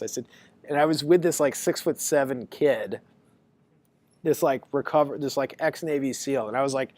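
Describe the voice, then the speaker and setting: A man giving a casual university lecture, talking to students in a chatty, animated storytelling way. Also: medium pitch, normal speed, no echo.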